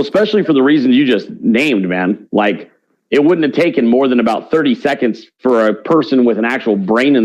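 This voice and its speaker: A man's voice: medium pitch, a little mellow, no echo, low-quality recording. A man talking as an interview guest in a blunt, brash, slangy way. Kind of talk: casual interview talk.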